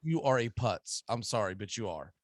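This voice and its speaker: Brief: Southern US male radio host, animated and opinionated, dry studio. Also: fairly low pitch, moderate pace, no echo. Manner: emphatic, animated, ranting. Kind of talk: casual sports talk.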